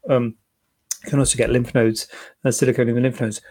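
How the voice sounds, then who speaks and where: Male surgeon, mid-pitched, gravelly, chatty and rambling while answering questions. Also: little pitch movement, brisk, darkish tone. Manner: chatty, thinks aloud with fillers and repeats. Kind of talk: casual live Q&A.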